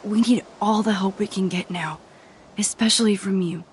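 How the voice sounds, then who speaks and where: A woman voicing a soft-spoken earnest girl. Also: mid-range voice, fairly even intonation, normal speed, a little hiss or hum, natural voice. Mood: pleading. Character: earnest young woman, calm and persuasive. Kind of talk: video game voice acting.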